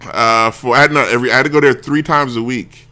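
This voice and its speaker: Bright-voiced rambling male storyteller. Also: medium pitch, fairly even intonation, fast talker. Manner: rambling, self-interrupting, acts out quoted voices. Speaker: show host. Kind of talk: casual storytelling on a talk show.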